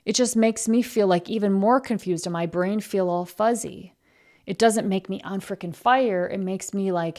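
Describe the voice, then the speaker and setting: A woman's voice: mid-range voice, moderate pace, a little mellow. A woman hosting a podcast, giving a blunt, emphatic motivational talk about excuses and being busy. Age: adult, married. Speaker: podcast host.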